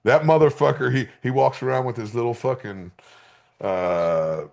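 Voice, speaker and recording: A man in his fifties hosts a podcast, casually trading stories with friends and livening them up with profanity and jokes. His mid-range voice has vocal fry, and his pace is moderate.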